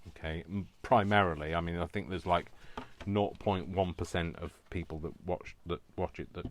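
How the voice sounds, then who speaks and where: Male crafting vlogger; low pitch, loose rambling chat, laughs often. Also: fairly even intonation, slight background noise. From Britain. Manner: rambling, chatty, quick to laugh. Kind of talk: casual chat while crafting.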